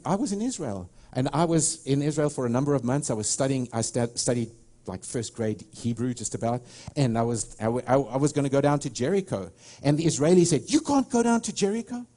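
Delivering a sermon, a middle-aged South African pastor speaks in a warm, mellow voice at medium pitch. His storytelling rambles, full of restarts.

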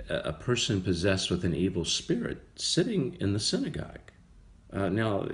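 A man giving a casual Bible study sermon, talking conversationally and repeating phrases for emphasis. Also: on the low side. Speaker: preacher.

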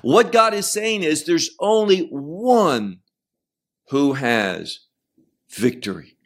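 A Bible teacher with a fairly high, sing-song voice works through scripture verse by verse. He speaks slowly and emphatically, stressing key words and asking his listeners questions.

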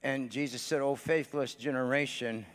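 A male pastor preaching a sermon, swinging between shouted declarations and hushed storytelling, with many "uh" fillers between phrases. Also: mid-range voice, fairly even intonation, moderate pace. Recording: long church hall reverb.

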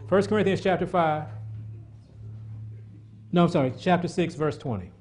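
A middle-aged man preaching a sermon, animated and repetitive, with asides to the congregation. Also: on the high side, a little fast, pauses often.

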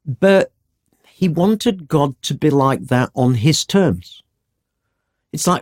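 A man's voice: on the high side, slow pace, pauses often. A man teaching a Bible story in a conversational podcast, acting out the quotes as he tells it. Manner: animated storytelling with acted-out quotes.

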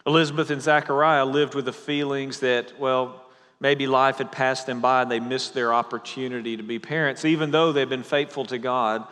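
A man preaching a sermon to a live congregation, opening with dad jokes and then slowing to emphatic repetition. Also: mid-range voice, a bit bright. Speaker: pastor. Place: church sanctuary. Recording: long hall reverb.

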